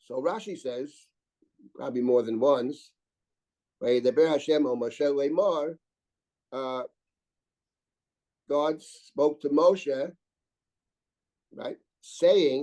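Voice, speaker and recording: In a rough recording, an older rabbi teaches a Torah class as a discursive lecture on biblical commentary, reading Hebrew verses aloud and frequently restarting sentences. He has a mellow, medium-pitched voice and a measured pace.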